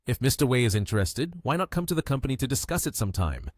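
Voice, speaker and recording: A man's voice: medium pitch, big pitch swings, quick pace, no echo, clean studio sound. A man voicing a polite, composed young businesswoman in a comic recap. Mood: deflecting.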